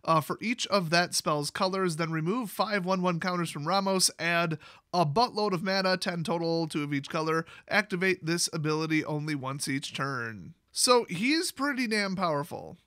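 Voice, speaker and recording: A man's voice: fairly high pitch, expressive, moderate pace, pushed and bright, no echo, clean studio sound. A man giving casual, sarcastic commentary while reviewing trading card spoilers. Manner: sarcastic, joking asides.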